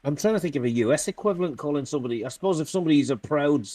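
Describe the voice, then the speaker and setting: A man's voice: fairly high pitch, lively intonation, rapid-fire, mellow. A man from North East England with a Geordie accent, chatting bluntly and swearing as he tells stories. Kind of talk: casual political chat.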